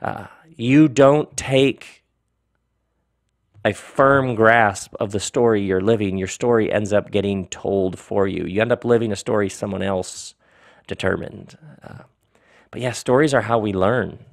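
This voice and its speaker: Brief: male podcast host, jokey and lively, reading a nonsense tale. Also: lowish voice, unhurried, creaky. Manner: animated, joking, laughs often. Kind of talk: playful monologue and reading aloud.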